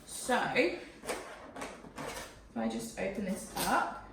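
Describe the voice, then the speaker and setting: A pregnant young woman gushing excitedly through an unboxing vlog in her living room, a little out of breath. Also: medium pitch, takes it slowly, gravelly, distant mic, noisy background. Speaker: parenting vlogger. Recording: echoey room, camera mic away from her.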